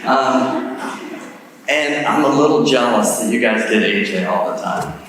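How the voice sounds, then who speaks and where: A man's voice: medium pitch, animated, measured pace, far from the mic, a crowd in the background. Chatty man lecturing in a reverberant hall. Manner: friendly, self-deprecating, chatty. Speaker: guest lecturer, neuropsychologist. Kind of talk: conversational lecture. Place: large church sanctuary. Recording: echoey hall, mic heard from afar.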